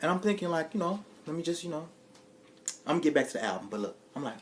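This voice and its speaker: Animated, foul-mouthed male storyteller. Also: a little high, fast, a little hiss or hum. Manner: animated, profane, acts out voices; playful asides to viewers. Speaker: vlogger telling a story. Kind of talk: casual storytime monologue.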